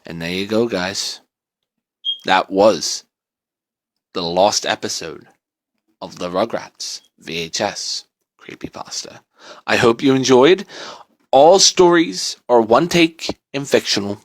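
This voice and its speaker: A man's voice: fairly low pitch, takes it slowly, pauses often. A man telling a first-person creepypasta horror story in a casual, profane, dramatic way.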